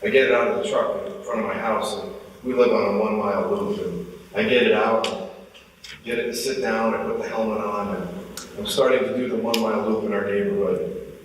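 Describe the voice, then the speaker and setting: Keynote storyteller, man, forties; lively delivery acting out dialogue, distant and echoey. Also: fairly low pitch, fairly quick, slight background noise. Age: 40s. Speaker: motivational speaker. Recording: echoey hall from far off.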